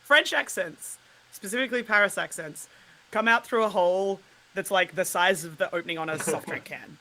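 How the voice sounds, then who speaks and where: Aussie woman guest, bright sharp voice, laughs a lot, chatty. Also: mid-range voice, normal speed, rough recording. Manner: animated, laughs often. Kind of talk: casual chat about accent work.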